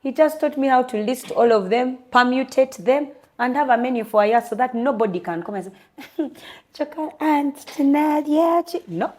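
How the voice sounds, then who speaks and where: Woman, Ugandan accent, young adult, interview guest, candid storytelling, lively, earnest. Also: a little high, fairly quick, few pauses. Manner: switches between English and Luganda, lively and earnest.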